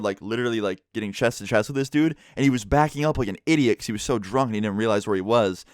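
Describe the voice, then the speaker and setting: A young man vlogging a casual, animated storytime, swearing freely. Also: fairly low pitch, smooth, no room sound, studio quality.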